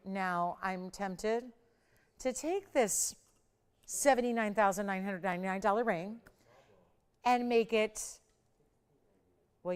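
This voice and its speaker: Smooth-voiced woman hosting a jewelry sale. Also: medium pitch. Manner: chatty, enthusiastic sales patter with playful price build-ups. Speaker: shopping channel host. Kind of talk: live TV jewelry selling.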